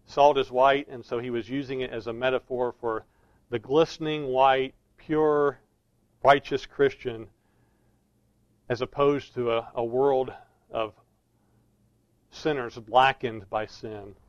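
A man preaching an expository sermon, earnestly leaning on key words and slowing down for emphasis. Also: medium pitch, fairly even intonation, no echo, muffled recording.

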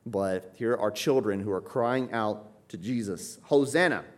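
A man's voice: fairly low pitch, measured pace, a little mellow. A man teaching a Bible passage in a sermon, emphatic and repetitive, often checking in with "right?". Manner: emphatic, repeats phrases, tags points with "right?". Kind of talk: expository sermon.

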